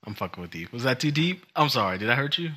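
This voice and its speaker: Joking man, bright voice. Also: mid-range voice, very animated, fast, breathy edge. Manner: joking, teasing, trails off softly. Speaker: podcast co-host. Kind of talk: casual chat.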